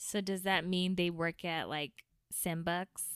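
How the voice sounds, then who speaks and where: A woman's voice: on the low side, fairly even intonation, a little slow, smooth, no echo, studio quality. A woman co-hosting a podcast in casual chat, playful and full of jokes. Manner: playful, jokey. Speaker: co-host.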